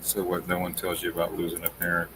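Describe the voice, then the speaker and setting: Man, host, casual stream commentary, offhand, low voice, faint noise behind. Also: completely flat delivery, fast, sharp tone. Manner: offhand, talks while working the screen.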